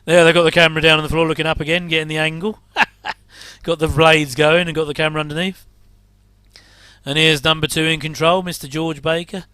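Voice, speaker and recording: Chatty man, bright crisp voice. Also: fairly high pitch, little pitch movement, fairly quick, dry recording. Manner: chatty, rambling asides, wry jokes and chuckles. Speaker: commentator reacting to an old TV episode. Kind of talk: casual watch-along commentary.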